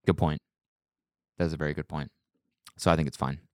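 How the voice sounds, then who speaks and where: A man's voice: extremely low pitch, a little fast, no room sound, clean studio sound. A man in his thirties hosting a podcast in casual, playful chat with his wife and a friend. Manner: playful, lively, slips into mock voices. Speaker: podcast host.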